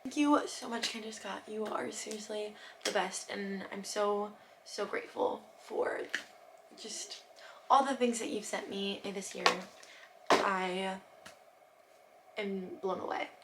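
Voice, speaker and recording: A woman's voice: medium pitch, takes it slowly, gravelly. Gushing young woman unboxing gifts. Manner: gushing, excitable, drops to soft whispers. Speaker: vlogger. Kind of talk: casual unboxing vlog. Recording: noticeable background noise.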